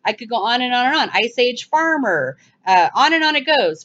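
A woman hosting her own channel, commenting urgently over video clips and mocking with sarcastic high-pitched asides. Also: very animated, moderate pace, a bit bright. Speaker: channel host. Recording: dull lo-fi sound.

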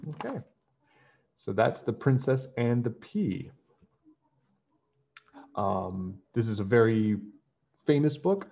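A man reading a children's picture book aloud in a gentle storytelling manner, then chatting to his young listeners. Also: medium pitch, very animated, takes it slowly, gravelly, pauses often, muffled recording, a little hiss or hum.

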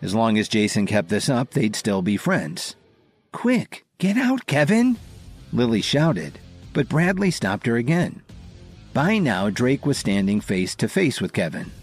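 A male narrator telling a dramatic audio series. His voice sits low with a husky grain, and his pitch moves lively through each line. Faint music runs beneath. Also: measured pace.

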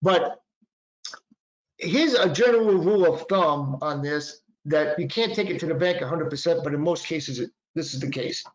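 A man's voice: a little high, moderate pace. A middle-aged man with a Boston accent, a patent attorney giving a presentation in a conversational way, with fillers and self-corrections. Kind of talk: webinar presentation. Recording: echoey, dull lo-fi sound.

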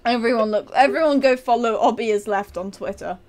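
Casting: young woman co-streamer, fairly high-pitched, dry teasing wit, fake lectures. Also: a little fast, darkish tone. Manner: teasing, mock-serious scolding. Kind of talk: casual gaming chat.

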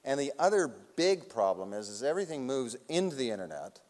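A man telling a long, animated anecdote at a public talk, laughing often and acting out other people's lines. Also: mid-range voice, brisk. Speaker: award recipient speaking on stage. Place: large auditorium. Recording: long hall reverb.

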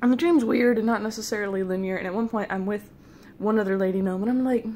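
A young woman vlogger rambles playfully through a long dream story, quoting people in put-on voices and eating jelly beans between lines. She talks fast in a mid-range, slightly mellow voice, with a faint hiss or hum in the audio.

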